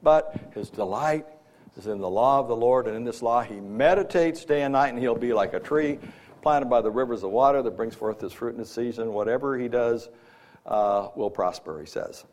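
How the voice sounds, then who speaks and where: A man's voice: mid-range voice, moderate pace, a little mellow. A man who works as an executive life coach, giving a conversational Christian teaching talk at an event, with frequent fillers and restarts.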